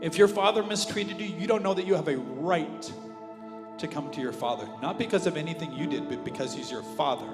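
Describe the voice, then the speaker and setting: Pastor guy preaching, gets quiet then loud, worship music faint behind. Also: on the high side, brisk. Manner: animated preaching, swings from hushed to loud. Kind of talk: sermon. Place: church auditorium with reverb. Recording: live church audio with long reverb and music underneath.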